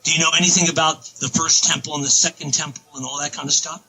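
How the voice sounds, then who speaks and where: Excitable guy rambling through a story, lots of restarts, kinda high, raspy. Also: fast talker, low-quality recording. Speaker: podcast guest. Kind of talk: casual storytelling.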